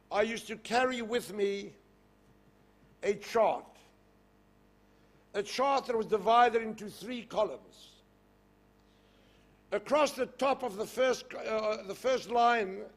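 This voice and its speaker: Older South African man lecturing. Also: high voice. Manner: storytelling, animated in jokes. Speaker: guest speaker. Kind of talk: public lecture with anecdotes. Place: lecture hall podium.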